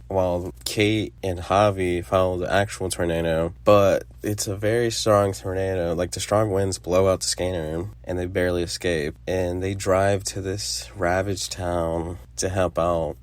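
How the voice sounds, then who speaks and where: A young man casually reviewing a film for a podcast, rambling and swearing, with frequent laughs. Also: low-pitched. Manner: rambling, profane, laughs often. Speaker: podcast host.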